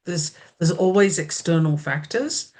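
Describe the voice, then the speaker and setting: A woman co-hosting a podcast, offering calm, reflective coaching and repeating her key points for emphasis. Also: on the low side, measured pace. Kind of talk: casual chat, reflective coaching.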